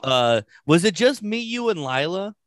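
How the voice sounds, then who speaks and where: A man's voice: sits high, sing-song, unhurried, no room sound. A man chatting casually and telling a story with plenty of swearing. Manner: storytelling with profanity. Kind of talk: casual chat.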